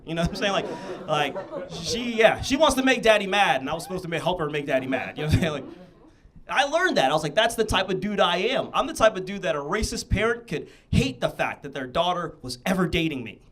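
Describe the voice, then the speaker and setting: A young man from the US Midwest doing a stand-up comedy set on stage, telling stories animatedly and acting out the people in them. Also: high voice. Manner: animated storytelling with exaggerated quoted voices. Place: comedy theatre stage before a live audience.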